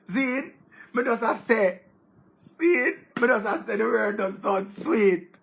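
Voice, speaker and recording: A Jamaican man talking loosely as a show host. His voice sits fairly high and carries a gravelly rasp. He gets excitable, repeating words and crying out. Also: slow. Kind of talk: casual commentary in Patois-laced English.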